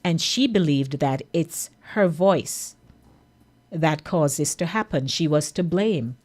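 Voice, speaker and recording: A woman hosting a radio talk show, explaining her topic in a measured, earnest way. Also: low voice, expressive, a little mellow.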